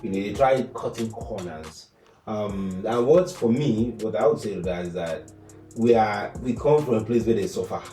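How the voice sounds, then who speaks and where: A man with a Nigerian accent, co-hosting a casual podcast chat in a relaxed, musing way. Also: lowish voice, reverberant, distant mic, soft background music. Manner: relaxed, musing, quick filler agreements. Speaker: podcast co-host.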